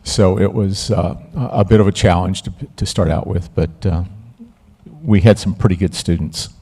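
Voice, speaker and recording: A man recalling his film camera work on a live panel, talking haltingly with many fillers and restarts. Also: deep voice, fairly even intonation, mellow, slightly rough. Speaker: panel guest, former camera operator. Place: museum event stage.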